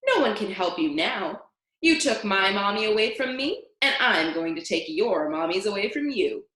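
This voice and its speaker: A menacing male teacher sneers and forces out polite words, as a woman reading aloud puts him on. His pitch rises and falls widely. The room is echoey. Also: very animated, moderate pace, a bit bright.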